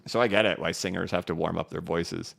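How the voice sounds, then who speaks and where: A man's voice: low voice, fairly even intonation, fairly quick, creaky, fairly bright tone. A male crypto livestream host chatting loosely with many fillers while reading out viewer comments.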